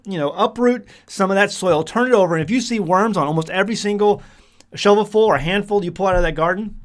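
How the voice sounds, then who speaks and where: A man with a high, lively voice, chatting casually to the camera as a homesteading vlogger. He rambles along with plenty of restarts and fillers and breaks into chuckles now and then. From United States.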